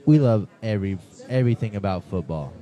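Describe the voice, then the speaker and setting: A man's voice: fairly low pitch, animated, brisk, dark tone, lo-fi sound. A man co-hosting a fantasy football show from a sports bar, with laid-back, joking banter. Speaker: fantasy football podcast co-host. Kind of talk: casual live sports chat.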